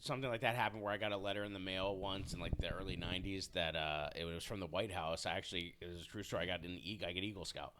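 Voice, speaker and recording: A man's voice: low-pitched, steady tone, very fast, hardly any pauses, noisy background. A man in his forties, a teacher, telling stories in casual podcast chat, often laughing and adding dry sarcastic asides.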